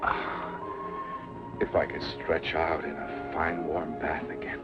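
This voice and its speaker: An actor playing a weary wounded male Roman centurion in a 1960s film dub, talking in a gruff, brusque way. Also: a bass voice, flat delivery, slow. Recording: dull old film sound with music.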